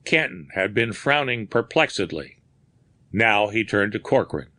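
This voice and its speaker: A man narrating a mystery story in a measured, deliberate way. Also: on the low side, sing-song, sharp tone, dry recording. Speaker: audiobook narrator. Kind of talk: scripted narration.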